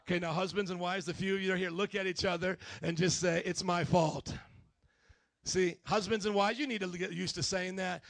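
Male pastor, high voice, dry recording; lively sermon with call-and-response. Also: normal speed, gravelly, no room sound. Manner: animated storytelling, bursts into loud delivery.

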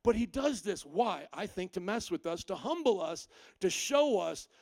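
A male pastor with a high voice preaches, animated and playful as he acts out lines with humor. The sound is dry and close. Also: normal speed, no room sound. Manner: animated storytelling, acting out quoted lines with humor. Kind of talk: sermon. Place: church service.

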